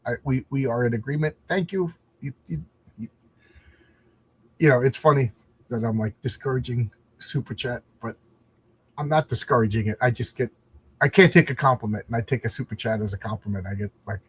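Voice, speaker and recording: A man's voice: mid-range voice, a little fast, slightly rough. A man hosting a casual livestream, chatting in a rambling, self-deprecating way with frequent restarts. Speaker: comic book creator and livestream host.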